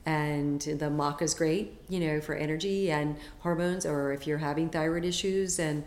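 A woman's voice: sits low, fairly even intonation, moderate pace, darkish tone, echoey room. A woman guest on a podcast, a health coach talking in a chatty, enthusiastic way with lots of fillers. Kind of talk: casual interview chat.

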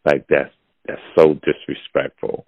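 Very deep gravelly man ranting. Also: little pitch movement, measured pace, no room sound. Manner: blunt, preachy, gravelly and low. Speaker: podcast host. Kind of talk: casual opinionated monologue. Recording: dull lo-fi audio.

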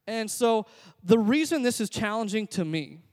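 High-voiced male pastor preaching earnestly. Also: expressive, moderate pace, darkish tone, in a large hall. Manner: earnest, conversational, self-deprecating preaching. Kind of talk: sermon.

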